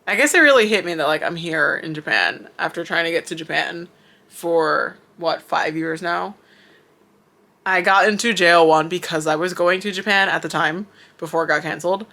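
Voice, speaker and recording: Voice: mid-range voice, normal speed, gravelly, bright, forceful tone. A young adult vlogger in Japan talking to camera, teary and emotional, gushing and rambling with lots of fillers. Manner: gushing, filler-heavy, rambling with many likes. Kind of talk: emotional fan vlog talk to camera.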